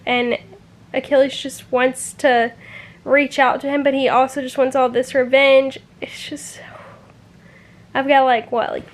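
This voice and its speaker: A woman's voice: sits high, level tone, measured pace. A young woman talking casually as a book vlogger, emotional, with frequent sighs and fillers. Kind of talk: casual reading vlog reactions.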